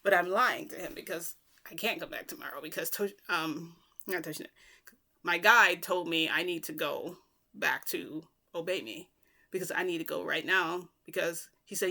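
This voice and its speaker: A woman's voice: lowish voice, normal speed, gravelly, sharp tone. A young woman telling a personal story in a rambling, chatty vlog with lots of fillers. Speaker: vlogger.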